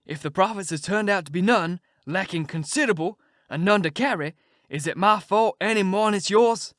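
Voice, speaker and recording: A man voicing a blustering old male con man who calls himself a king, snarling and shouting in a storybook reading. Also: on the high side, expressive, moderate pace, no echo, studio quality.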